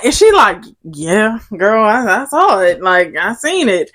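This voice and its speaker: Speaking a touch slowly with no echo, a young podcast co-host recounts a story casually. She brings it to life by performing the quotes, her pitch leaping up and down.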